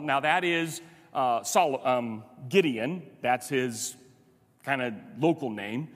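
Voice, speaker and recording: A man's voice: mid-range voice, takes it slowly. Conversational male pastor in reverberant hall. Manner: conversational, animated, rhetorical questions. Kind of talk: sermon.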